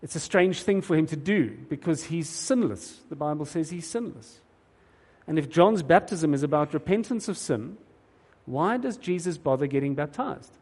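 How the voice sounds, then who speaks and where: Heard through long hall reverb, a man delivers an earnest, emphatic sermon, frequently repeating words at the start of a thought. His voice is fairly high-pitched and darkish with a breathy edge, animated at a normal speed.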